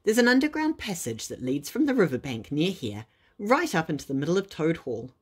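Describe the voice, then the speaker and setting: A woman doing a slow, stern old badger. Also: sits low, sing-song, husky, full character voice. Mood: grave. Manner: slow, grave, severe. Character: stern old male badger, gruff leader.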